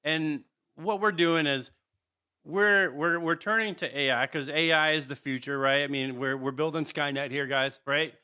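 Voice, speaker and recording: A man's voice: on the high side, moderate pace, pushed and bright, clear, resonant tone. A man hosting a casual podcast, ranting sarcastically with lots of swearing. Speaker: podcast host.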